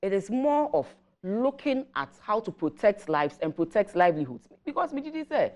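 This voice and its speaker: A Ghanaian-accented woman explaining government policy on a morning show, measured and switching between Twi and English. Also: mid-range voice, sing-song, darkish tone. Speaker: government guest commentator.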